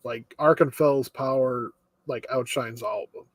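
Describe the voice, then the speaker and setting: A man's voice: mid-range voice, measured pace, no room sound. A young man co-hosting an anime review chat, steadily summarizing plot with occasional ums and uhs. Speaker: anime review podcast co-host. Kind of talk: casual chat.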